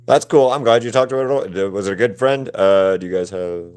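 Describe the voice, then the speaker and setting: A man's voice: lowish voice, normal speed, darkish tone, clean tone. A man chatting casually with viewers while he paints on a live stream, rambling and laid-back and swearing freely. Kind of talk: casual livestream chat with viewers.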